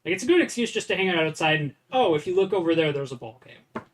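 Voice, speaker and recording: A man chatting on a board game stream, easygoing and prone to dry joking asides. His voice sits a little high for a man. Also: lively intonation, quick pace, crowd noise. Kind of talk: casual chat.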